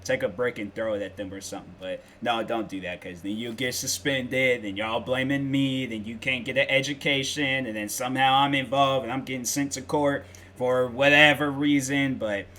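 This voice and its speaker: A man's voice: medium pitch, steady tone, normal speed, sharp tone, slight background noise. A young man hosting a reaction video, talking casually in slang with lots of fillers and rambling stories.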